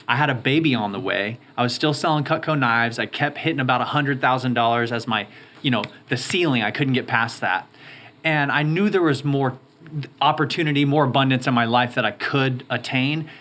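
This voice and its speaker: This interview guest, a roofing business owner in his thirties, talks a little fast in a mid-range, fairly bright voice. He recounts his story with an eager, upbeat energy.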